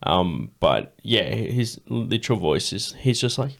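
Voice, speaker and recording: A man hosting a casual podcast, his lowish voice swinging widely as he rambles through stories. He swears freely and breaks into laughs. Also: animated, unhurried, creaky, hardly any pauses. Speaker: podcast host. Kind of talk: casual chat.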